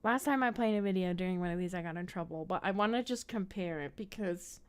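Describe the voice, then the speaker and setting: A woman's voice: lowish voice, fast, clear, resonant tone. A woman hosting a casual movie chat, giggly and rambling as she thinks aloud. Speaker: host.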